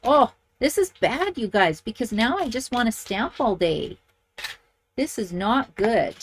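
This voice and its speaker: A woman's voice: on the high side, sing-song, measured pace, a little hiss or hum. A middle-aged woman demonstrating card making, chatty and enthusiastic, thinking aloud as she works. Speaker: papercraft demonstrator. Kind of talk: casual crafting tutorial.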